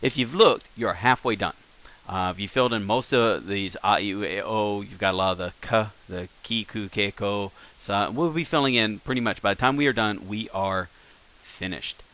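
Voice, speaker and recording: Bright-voiced man teaching alphabet. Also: on the low side, normal speed. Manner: relaxed, thinking aloud with fillers and self-corrections. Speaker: language teacher. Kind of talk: screen-recorded lesson.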